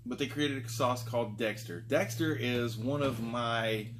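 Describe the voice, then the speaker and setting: A man's voice: medium pitch, unhurried, noisy background. A man hosting his own food review vlog, talking casually and rambling with lots of fillers. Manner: chatty and rambling, frequent fillers. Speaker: food review show host.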